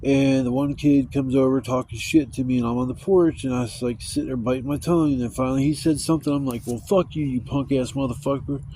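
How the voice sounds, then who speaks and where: A man's voice: mid-range voice, steady tone, fast, hardly any pauses, warm tone, a little hiss or hum, rough recording. A man telling rambling, profane stories in a casual vlog. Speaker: vlogger. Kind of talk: casual storytelling.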